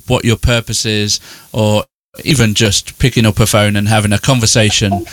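A man hosting a podcast, interviewing his guest in a relaxed, affirming way with gentle jokes. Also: medium pitch. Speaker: podcast host. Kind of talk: casual interview.

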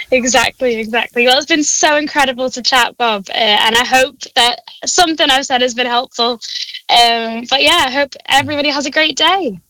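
A young woman speaks with a broad Liverpool Scouse accent, her voice bright and a touch high. She chats warmly and encouragingly, laughing often. The sound is dry and close. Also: normal speed, dry recording, rough recording. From Liverpool, England. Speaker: guest. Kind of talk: casual chat. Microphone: phone call.

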